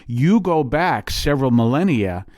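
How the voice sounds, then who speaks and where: Rambling middle-aged priest host, dry sound. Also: male voice, medium pitch, sing-song, unhurried, a little mellow, no echo. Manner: rambling and digressive, with many fillers and asides. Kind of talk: casual homily-style monologue.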